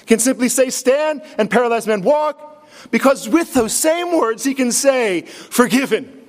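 A man, a pastor, preaching a sermon with earnest, emphatic delivery, repeating key phrases and dropping to a low, hushed voice when quoting. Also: expressive, normal speed. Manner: drops to a low, hushed voice to quote Jesus.

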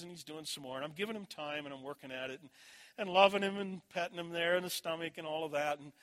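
A middle-aged man preaching a sermon in a church, telling a family story and moving between firm and hushed delivery. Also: on the high side, fast.

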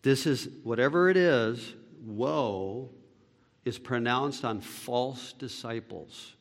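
A man preaching a sermon as pastor, swinging between loud, fervent lines and hushed ones, with deliberate phrasing. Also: mid-range voice. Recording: long reverb of a hall.

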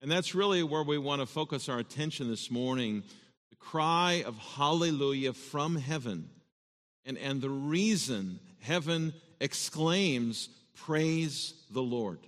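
A man's voice: a little high, expressive, measured pace, a bit bright. A man as pastor reading scripture and preaching an earnest sermon, often repeating words as he stresses a point. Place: church sanctuary. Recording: long reverb of a church hall.

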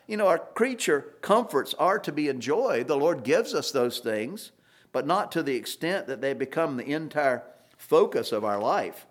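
A man preaching an expository sermon, earnest, with rising emphasis on key points and occasional restarts. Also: on the high side.

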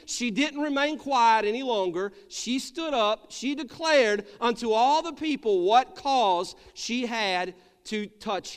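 Man, pastor, sermon, high voice, calls for amens, long church reverb. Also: a bit bright, smooth. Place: church sanctuary.

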